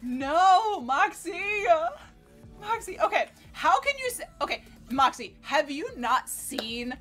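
High-voiced woman streamer, animated. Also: slow. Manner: animated, exclaiming and cursing at the game. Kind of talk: casual gameplay commentary. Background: game music and sounds.

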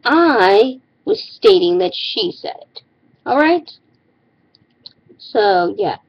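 A woman's voice: high-pitched, big pitch swings, very slow, vocal fry, husky, muffled recording. A woman vlogger with a put-on Irish accent, ranting theatrically to camera in a comic persona. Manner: theatrical, sing-song Irish-persona delivery.

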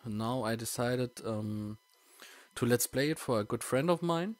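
A German-accented man speaks slowly and haltingly in English, filling his pauses with ums. He comments casually on a video game, plainly unsure of his English. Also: mid-range voice, animated, dry recording. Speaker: let's player.

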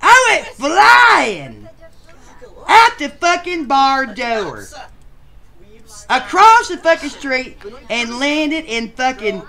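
A performer voicing a crude, rowdy male bachelor contestant, who tells profane stories and bursts into shouts. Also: sits high, sing-song, very slow, long pauses, heavily acted. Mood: rambling. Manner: profane storytelling with sudden shouted outbursts. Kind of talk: comic machinima voice acting.

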